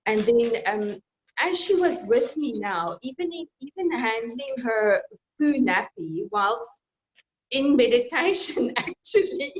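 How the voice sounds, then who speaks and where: A woman talks through her meditation experience in a slow, reflective way, pausing as she gathers her thoughts. Her voice sits a little high. The audio is muffled and lo-fi, as on a video call. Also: big pitch swings. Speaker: meditation student. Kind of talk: sharing in a group class.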